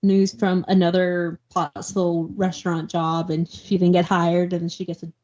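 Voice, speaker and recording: A woman with a lowish, mellow voice rambles through a novel's plot in casual chat, dropping "like" into nearly every phrase. The audio is dull and lo-fi, like a home podcast recording. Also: little pitch movement, moderate pace. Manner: rambling, fills speech with "like". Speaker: book podcast co-host.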